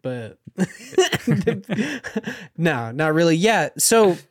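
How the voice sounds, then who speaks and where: A man's voice: a little high, sing-song, drawn-out words, no echo. Casual man with a dry close voice. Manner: rambling, many "like" fillers. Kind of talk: casual gaming podcast chat.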